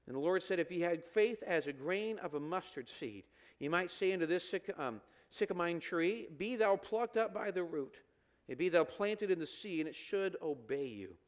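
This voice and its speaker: A middle-aged man preaching a sermon in a church, animated, rising to loud emphatic peaks. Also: high voice, moderate pace. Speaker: pastor. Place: church sanctuary.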